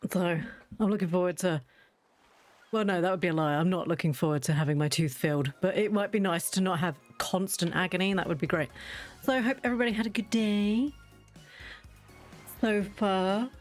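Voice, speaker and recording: A woman's voice: fairly low pitch, moderate pace, pauses often, soft background music. A woman streaming a game, chatting casually with viewers in a giggly, self-mocking way.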